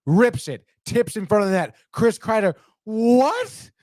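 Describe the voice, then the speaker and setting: A man hosting a sports podcast, breaking down game highlights in an excitable, profane way and saying "dude" constantly. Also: normal speed, no room sound, clean studio sound.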